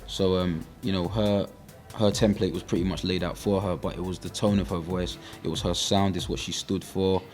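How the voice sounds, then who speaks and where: A young man with a South London accent chats through an interview in a deep, low voice. He talks loosely, dropping "you know" and "um" as he goes. Faint music runs underneath. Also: normal speed, few pauses. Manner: relaxed, many fillers like "you know". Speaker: rapper guest. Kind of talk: casual interview chat.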